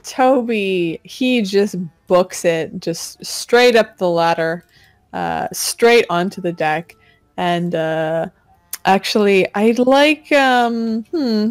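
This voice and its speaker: A woman running a tabletop pirate game, narrating casually with halting pauses. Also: medium pitch, dry recording, faint music behind. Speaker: game master.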